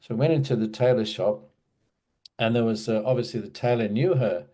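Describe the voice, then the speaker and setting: A man's voice: medium pitch, fairly quick, mellow. A man casually telling a personal memory in an interview, hesitant, with many restarts and fillers. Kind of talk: casual storytelling.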